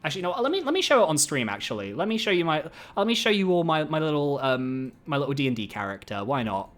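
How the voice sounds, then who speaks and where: Male streamer, casual gameplay commentary, excitable and foul-mouthed, rambling. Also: a little high, fast. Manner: excitable, swears freely, rambling asides.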